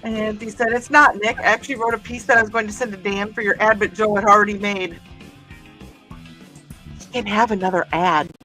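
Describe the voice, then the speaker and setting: A woman's voice: medium pitch, fairly even intonation, a little fast, sharp tone, faint music behind. A woman hosting a livestream in casual chat, reading viewer comments aloud and laughing often. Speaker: livestream host.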